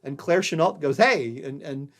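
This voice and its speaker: A man's voice: a little high, expressive, normal speed, soft background music. Man lecturing on history, story-like. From Louisiana, USA. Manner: conversational storytelling lecturer, checks in with listeners. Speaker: history professor. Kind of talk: recorded college lecture.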